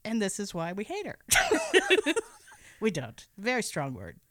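A playful woman co-hosts a casual podcast and recaps a film with a sarcastic edge. Her pitch swings widely as she talks, and she laughs often. The recording sounds dry and close. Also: huge pitch swings, a little slow, fairly bright tone, no echo. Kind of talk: casual chat.

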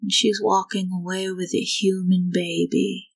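A woman narrating a tabletop game as game master in a slow, atmospheric way. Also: medium pitch, level tone, vocal fry, poor audio.

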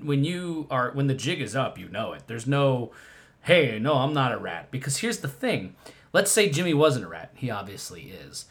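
A man's voice: medium pitch, a bit bright. A man co-hosting a podcast, chatting casually and emphatically about a TV drama, sometimes swearing. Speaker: podcast co-host. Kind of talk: casual chat.

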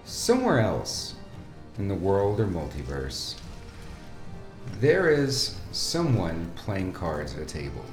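A man narrating a tabletop game as game master, in a dramatic, lively way. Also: low-pitched, slow. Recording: echoey room with faint music.

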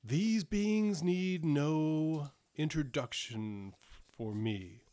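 A man's voice: on the high side, very slow, warm tone, no echo, pitched above the performer's own voice. A man doing an imperious giant king. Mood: gracious. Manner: grand, formal, commanding speech. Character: imperious male giant monarch, once depressed. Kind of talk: tabletop role-play.

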